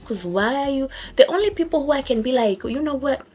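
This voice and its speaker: A woman's voice: high-pitched, animated, fairly quick, darkish tone, soft background music. A young woman vlogger giving a sassy, emphatic storytime rant to camera, repeating her points for effect.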